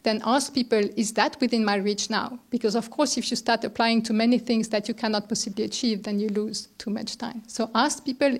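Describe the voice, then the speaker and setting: Middle-aged woman panelist, conversational, a little high-pitched. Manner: conversational, thoughtful, with restarts. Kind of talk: round-table talk. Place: lecture room.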